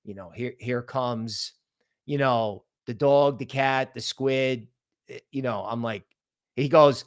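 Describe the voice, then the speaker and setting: A man hosting a crypto livestream, talking in an animated, emphatic way, firing off rhetorical questions and tagging lines with "right?". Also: medium pitch. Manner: rapid-fire rhetorical questions. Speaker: crypto channel host. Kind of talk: livestream commentary.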